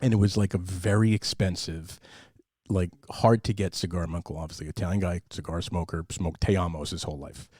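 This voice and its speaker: A man hosting a podcast, telling a relaxed story with hesitant fillers. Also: deep voice, a little fast, no room sound, studio quality. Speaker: podcast host. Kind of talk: casual podcast chat.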